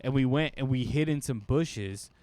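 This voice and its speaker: A man's voice: mid-range voice, moderate pace, no room sound. A man rambles through a story in a casual chat, jumping into the voices of the people in it. He sounds like a guest comedian on a podcast. His voice is recorded close and dry, with no room sound. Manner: rambling, animated, acts out quotes.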